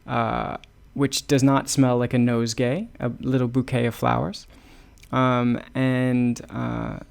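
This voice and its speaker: Male English teacher, unhurried storytelling lesson, gravelly voice, explains each phrase. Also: mid-range voice, a little mellow. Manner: repeats and explains words patiently. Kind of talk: slow storytelling lesson for learners.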